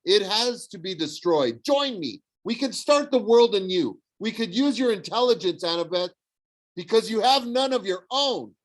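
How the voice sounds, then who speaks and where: A man's voice: high voice, expressive, normal speed, pitched above the performer's own voice, rough recording. A man voicing a smug, sneering young villain who mocks and tempts. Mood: mocking. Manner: sneering, mocking. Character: smug young male villain, mocking and persuasive.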